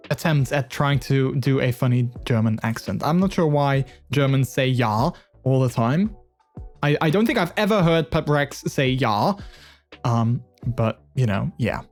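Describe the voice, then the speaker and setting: A man streaming live and chatting casually with his viewers, giggly and talkative, speaking into a headset mic. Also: medium pitch. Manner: chatty and giggly, many fillers and restarts.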